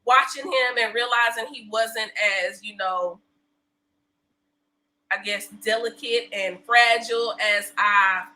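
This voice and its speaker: A woman in her thirties, a podcast guest, chatting casually and telling animated stories with laughs and acted-out quotes. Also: on the high side, takes it slowly, rough recording. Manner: animated storyteller, laughs often, acts out quotes. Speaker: podcast guest, breastfeeding specialist. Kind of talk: casual interview chat.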